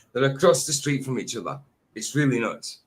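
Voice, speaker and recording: A man from Scotland with a northeast Scottish Doric accent, hosting a livestream in relaxed, chatty conversation. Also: mid-range voice, measured pace. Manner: relaxed, chatty, laughs often. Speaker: show host. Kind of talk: casual chat on a livestream.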